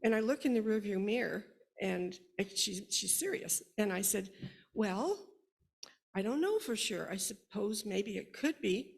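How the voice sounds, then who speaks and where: A woman's voice: mid-range voice, lively intonation, a little slow, gravelly. An older woman sharing family stories into a microphone at a worship service, often laughing as she tells them. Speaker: congregation member sharing stories. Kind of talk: personal storytelling at a worship service. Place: congregation's worship space.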